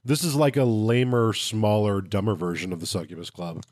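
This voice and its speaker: A man co-hosting a podcast with a fairly low voice, reviewing game books in casual chat. He gives blunt opinions and fills the gaps with plenty of uhs. The sound is dry and close to the mic. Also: fairly even intonation, normal speed, darkish tone, no echo. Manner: blunt opinions, many fillers.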